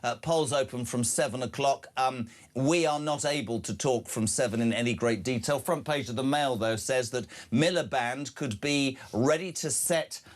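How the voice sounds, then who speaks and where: A man's voice: medium pitch, normal speed, hardly any pauses. A man hosting a breakfast radio show, emphatic and jokey, reading out listener texts and phone numbers. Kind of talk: lively talk radio presenting.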